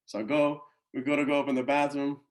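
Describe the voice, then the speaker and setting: A man who coaches college baseball, telling a story in a casual podcast chat, animated and full of slang and swearing. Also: medium pitch, fast. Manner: animated, slangy and profane, with many acted-out quotes.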